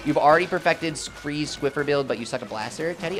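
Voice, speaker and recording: A young man commentating live gameplay and chatting with his viewers, swinging between hype and quick explanations. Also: on the high side, noisy background. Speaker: gaming streamer.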